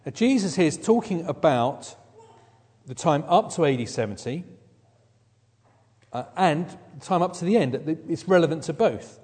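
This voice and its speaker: Male preacher, slightly high voice, emphatic expository sermon, hall reverb. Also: animated, normal speed, long pauses, a little mellow, slightly rough. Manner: expository Bible teaching, emphatic.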